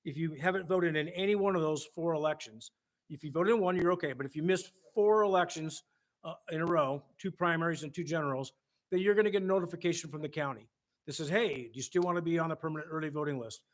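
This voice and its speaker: A man's voice: on the high side, fast. A man who is a state senator, explaining procedures matter-of-factly as a guest in a political interview.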